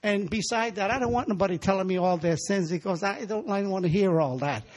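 A man's voice: high voice, fast talker. A man preaching a sermon in a church, exhorting the congregation and calling for their responses.

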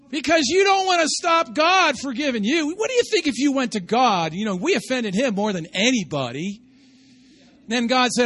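A man preaching a sermon as pastor, talking to the congregation conversationally, asking for their responses and rising to shouts. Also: extremely high pitch, lively intonation, moderate pace.

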